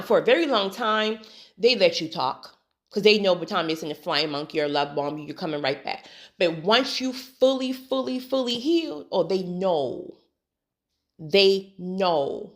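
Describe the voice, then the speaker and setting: Animated woman preaching casually to viewers. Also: medium pitch. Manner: animated, preachy, laughs often, says "honey" and "right?". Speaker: spiritual talk host. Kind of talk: casual faith-based monologue.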